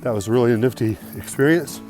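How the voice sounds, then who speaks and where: A man's voice: mid-range voice, quick pace, darkish tone, faint music behind, low-quality recording. Upbeat chatty man vlogging outdoors. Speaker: thru-hiker vlogger. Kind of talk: casual outdoor vlog talk to camera. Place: outdoors on a mountain trail. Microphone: handheld phone.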